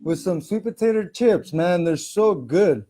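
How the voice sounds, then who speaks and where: A man's voice: sits high, animated, unhurried, warm tone, slight background noise. Rambling man on a livestream. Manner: loose, rambling, chatty with viewers. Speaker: spiritual livestream host. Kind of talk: casual spiritual livestream talk. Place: home, music playing softly behind. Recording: faint music in background.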